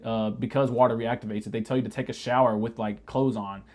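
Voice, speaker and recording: Fast-talking man telling a profane story. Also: mid-range voice. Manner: profane, animated retelling that shouts quoted lines. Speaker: vlogger telling a military story. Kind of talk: casual storytime vlog.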